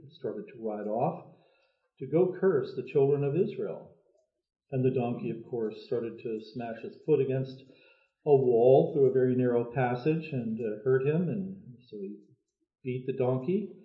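A man preaching a sermon, telling a story in a measured, thoughtful way with many pauses. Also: medium pitch. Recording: echoey, phone-like lo-fi sound.

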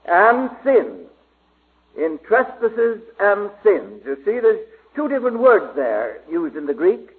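Preacher, man, high voice, slow halting delivery, tinny lo-fi recording. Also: sing-song. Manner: slow, halting, many pauses and fillers. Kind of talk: Bible study sermon. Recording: tinny phone-like old recording.

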